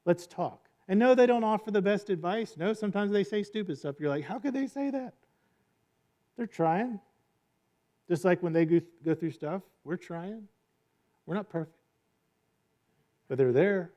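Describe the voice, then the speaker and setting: Male pastor, sermon, fairly high voice, casual, conversational, acts out quotes. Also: moderate pace, pauses often, warm tone. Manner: conversational, asks "right?" often, acts out quotes.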